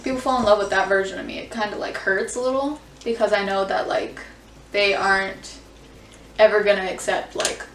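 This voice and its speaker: A woman's voice: medium pitch, a little fast, slight background noise. Candid young woman vlogging in a roomy space. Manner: expressive and candid, frequent swearing and "like". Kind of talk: casual reaction chat. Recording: roomy sound, mic at a distance.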